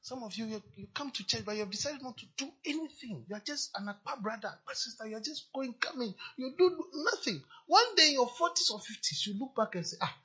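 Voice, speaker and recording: A man's voice: very high voice, expressive, quick pace, few pauses, sharp tone, husky, muffled recording. A man preaching a sermon as a pastor, speaking emphatically and repeating his exhortations to the congregation.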